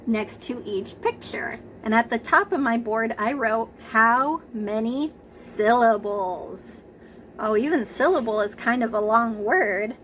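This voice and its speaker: Gentle, slow-talking preschool teacher woman. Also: on the high side, slight background noise, rough recording. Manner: gentle, encouraging, drawn-out words for clapping. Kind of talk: slow, sing-song lesson for young children.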